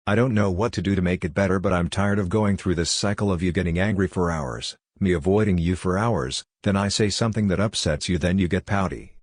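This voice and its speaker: A man with a very low voice reads a web post aloud in the first person. His delivery is plain and steady, and the sound is close and dry. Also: dry recording. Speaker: narrator.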